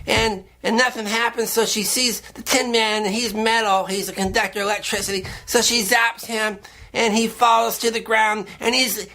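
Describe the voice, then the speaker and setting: A man's voice: very high voice, pushed and bright. A man hosting a public access show, talking casually to the camera in a rambling way, often repeating and restarting his words.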